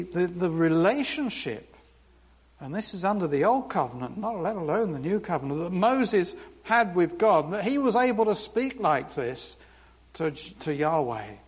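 A British man preaching a sermon in a church, reading scripture with lively, humorous asides. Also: high-pitched, husky, big-room sound. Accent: British English. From Britain.

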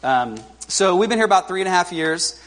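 A man in his forties preaching as a guest speaker to a church congregation, in a conversational, halting way with lots of fillers and self-deprecating humor. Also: high voice, animated, a bit bright. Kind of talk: informal sermon. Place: church service before a congregation.

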